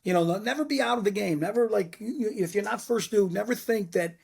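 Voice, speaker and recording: Husky New man telling fire stories. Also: sits high, a little fast. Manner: blunt, animated storyteller who acts out quotes. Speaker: retired fire lieutenant, podcast guest. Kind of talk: casual storytelling chat.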